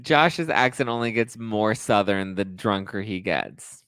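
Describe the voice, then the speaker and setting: A man's voice: fairly low pitch, expressive, a little slow, a bit bright, clean tone, no room sound. A man hosting a casual live-stream chat, gossiping about a reality show and reading viewer comments. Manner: gossipy, quotes people in put-on voices. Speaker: host.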